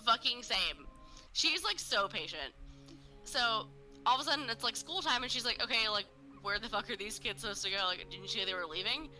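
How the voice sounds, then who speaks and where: A woman co-hosting a podcast tells a story in a very bright, sharp voice. She fills it with "like" and curse words, acts out everyone's lines as she goes, and soft music sits faintly underneath. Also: on the high side, lively intonation, brisk, poor audio. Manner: swearing, filler-heavy storytelling, acting out quotes. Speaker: podcast co-host. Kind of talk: casual true-crime podcast chat.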